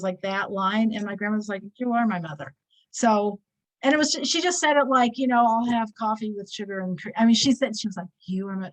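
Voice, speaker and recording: A woman's voice: medium pitch, poor audio. A woman in her sixties teaching a weekly scripture class, talking casually and telling stories with many fillers and restarts. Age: 60s.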